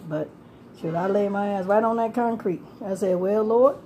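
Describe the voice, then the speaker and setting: A woman with a mellow, dark tone tells her story in a loose, rambling way. She laughs often, swears freely and keeps circling back on herself. A faint hum of background noise sits behind her voice. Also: mid-range voice, moderate pace. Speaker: homeless person telling her story. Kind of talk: casual rambling street talk.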